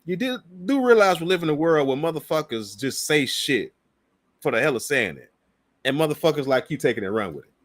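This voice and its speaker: A man's voice: on the high side, very animated, a little fast, no echo, studio quality. A man hosting a political reaction show, ranting with heavy profanity and scornful laughs. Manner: heated, swearing, laughing scornfully. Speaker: political commentary host.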